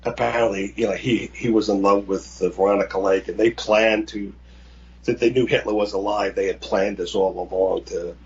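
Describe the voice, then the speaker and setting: A man co-hosting a podcast, recapping a movie in casual chat with halting, rambling storytelling. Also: lowish voice, steady tone, a little mellow, lo-fi sound, slight background noise. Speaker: podcast co-host.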